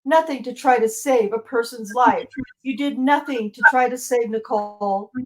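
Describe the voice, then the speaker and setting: Middle-aged woman, somewhat high voice, grieving mother, bitter courtroom statement. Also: moderate pace, slight background noise, low-quality recording. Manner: grieving, bitter, reads a prepared speech. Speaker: victim's mother giving impact statement. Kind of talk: courtroom victim impact statement.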